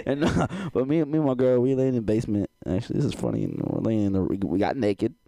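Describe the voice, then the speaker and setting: A young adult man co-hosting a podcast, telling crude stories in an animated way and laughing often. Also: medium pitch, brisk, vocal fry, no room sound. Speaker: podcast co-host. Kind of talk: casual chat.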